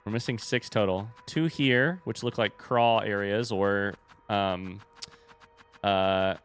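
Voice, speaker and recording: A man giving live commentary on a video game, reacting loudly and talking to chat. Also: lowish voice, fairly even intonation, takes it slowly, smooth, faint music behind. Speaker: streamer playing a video game.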